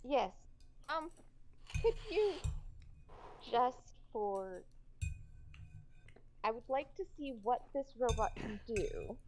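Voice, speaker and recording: A woman playing a tabletop game in character, speaking hesitantly with many pauses and ums. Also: on the high side, very animated, a little mellow, slight background noise. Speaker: player.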